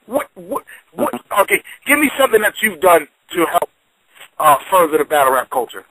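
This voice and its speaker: A man's voice: high voice, big pitch swings, fairly quick, pushed and bright, dry recording, rough recording. A man, a battle rapper, in a heated radio argument, confrontational and stammering over his repeats.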